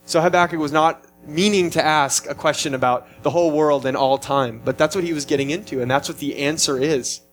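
Earnest man preaching, slightly high voice. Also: a little fast, few pauses, slight background noise. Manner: earnest, emphatic preaching with frequent restarts. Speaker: pastor. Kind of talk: sermon.

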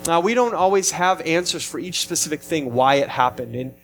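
A man's voice: on the high side, animated, brisk, slight background noise. A man preaching a sermon in an earnest, emphatic way, often restarting his phrases as he explains a passage. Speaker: pastor.

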